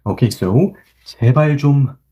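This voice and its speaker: A man's voice: mid-range voice, quick pace, dull audio. A man teaching a language grammar lesson, patiently repeating and restating each point and reading example sentences aloud at several speeds.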